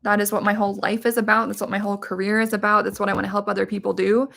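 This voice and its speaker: A middle-aged woman hosts a casual livestream and talks to her viewers candidly. Her voice carries a gravelly creak at mid pitch, and she speaks with emphasis and swears freely. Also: little pitch movement, rapid-fire, a bit bright, a little hiss or hum. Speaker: livestream host, witch and medium.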